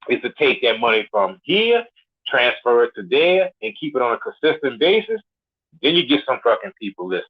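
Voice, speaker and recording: 40 yr old guy cussing up a storm, cocky and blunt, sounds like he's calling in over a crappy phone line. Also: medium pitch. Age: 40s. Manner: blunt, swaggering and heavy with swearing. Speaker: caller on a live show. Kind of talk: profane rant.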